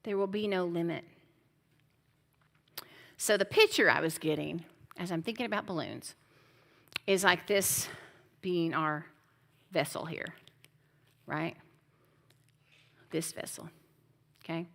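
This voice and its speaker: A woman's voice: lowish voice, slow pace, gravelly, long pauses, a bit bright. A middle-aged woman preacher giving a sermon, emphatic and conversational, speaking straight to her congregation.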